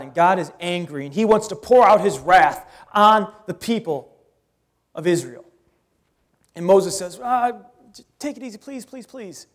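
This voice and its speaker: A male pastor preaching a sermon in an animated, storytelling way, with casual asides. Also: high-pitched.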